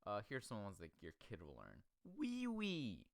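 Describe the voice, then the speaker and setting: A man's voice: low-pitched, very animated, brisk, gravelly, fairly bright tone, no echo. A man hosting a casual comedy chat, crude and rambling, often laughing. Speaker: podcast host.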